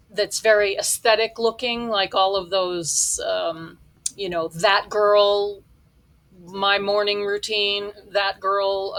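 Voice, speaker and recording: Scornful middle-aged woman, bright voice. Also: medium pitch. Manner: blunt, scornful and sarcastic. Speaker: reaction vlogger. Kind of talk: ranting reaction commentary.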